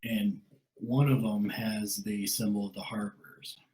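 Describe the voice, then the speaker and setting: Lowish man running a tabletop game. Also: fairly even intonation, unhurried, mellow. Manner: hesitant, filler-heavy narration. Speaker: game master. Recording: roomy echo.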